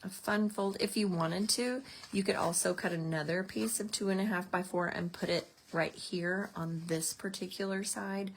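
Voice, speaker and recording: A woman's voice: medium pitch, fairly even intonation, moderate pace, few pauses, a little hiss or hum. A woman teaching a card-making class, chatting casually as she explains each step while working. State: out of breath at times. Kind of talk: casual craft tutorial.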